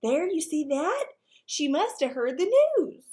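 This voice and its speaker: A woman voicing a timid, jittery young male ranch dog with a high, anxious voice. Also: expressive, measured pace, dark tone. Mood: panicked.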